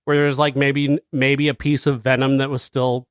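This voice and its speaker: In a clean studio recording with no room sound, a man co-hosts a film review podcast and talks casually as a critic, blunt and exasperated, frequently laughing. His mid-range voice shows little pitch movement, keeps a moderate pace, and sounds clear and resonant.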